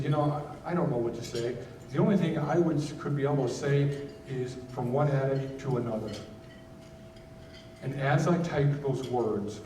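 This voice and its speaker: A man giving a personal testimony as a keynote speech at a gala, earnest and halting, with many restarts and fillers. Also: far from the mic. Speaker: nonprofit founder giving a keynote. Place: banquet hall at a gala. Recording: roomy hall sound from off mic, faint rumble.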